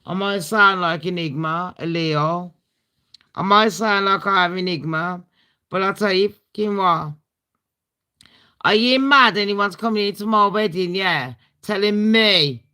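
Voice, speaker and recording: A woman's voice: medium pitch, measured pace, sharp tone, smooth. A British woman hosting a casual storytime chat, blunt and full of swearing and laughing asides. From Britain. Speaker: livestream host.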